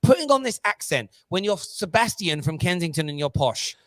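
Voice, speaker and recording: A man hosting a casual football chat stream, talking in an animated, jokey and excitable way. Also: sits high, normal speed, crowd noise. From Jamaica. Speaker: host.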